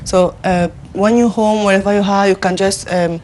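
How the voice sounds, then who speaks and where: A woman teaching French pronunciation on a TV segment, slowly repeating words for viewers to echo. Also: mid-range voice, fairly even intonation, darkish tone, slight background noise. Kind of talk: TV language lesson.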